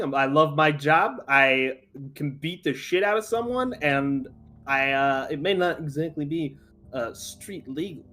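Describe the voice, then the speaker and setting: Man doing a New York Italian accent, brash young boxer, bragging, higher voice. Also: fairly bright tone. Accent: put-on New York Italian. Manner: brash, boastful, laughing a lot. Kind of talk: tabletop role-play character voice.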